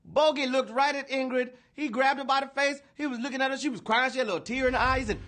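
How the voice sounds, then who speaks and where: A man hosting a live trivia game show, energetic and playful, talking slangy to the players. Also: very high voice, fast talker. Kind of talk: hyped livestream hosting.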